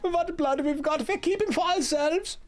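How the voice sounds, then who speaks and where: A man reading game dialogue aloud and voicing a jumpy, suspicious male villager hiding from vampires, in a shrill, squawking high voice with accusing, defensive yelling. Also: expressive, brisk, soft background music. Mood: suspicious, shouting.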